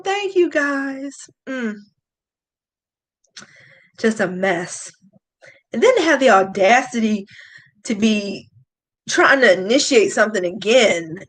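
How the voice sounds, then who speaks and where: A woman's voice: mid-range voice, fairly bright tone. A woman, confiding in casual chat, emotional, sighing often. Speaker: beauty vlogger. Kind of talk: casual chat reading live comments.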